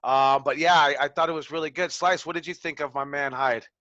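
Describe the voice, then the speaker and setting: Male coach, bright tense tone, encouraging critique, dull lo-fi audio. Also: on the high side, steady tone, brisk, no echo. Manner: upbeat, encouraging. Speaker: wrestling promo coach. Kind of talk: class critique.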